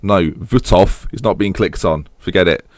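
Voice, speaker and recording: Young man, game commentary, chatty and wry, lowish voice, dry close mic. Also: normal speed, dry recording. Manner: chatty, wry, self-interrupting. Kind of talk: casual gameplay commentary.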